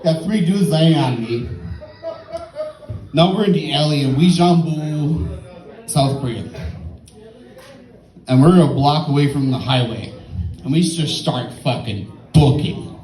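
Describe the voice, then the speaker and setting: Slightly drunk guy doing stand-up, swears a ton, highish voice, roomy echo from off mic. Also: a little slow, pauses often, dark tone, recorded from a distance. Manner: profane, rambling storytelling. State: tipsy. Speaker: stand-up comedian. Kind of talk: stand-up storytelling. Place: comedy club stage.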